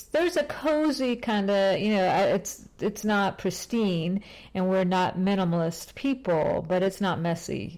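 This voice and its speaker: A middle-aged woman talks straight to her audience in a loose, chatty vlog. She rambles, doubles back and cuts herself off mid-sentence. Her voice sits at an ordinary pitch for a woman. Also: a little mellow. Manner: rambling, chatty, self-interrupting. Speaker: vlogger. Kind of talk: casual chat to camera.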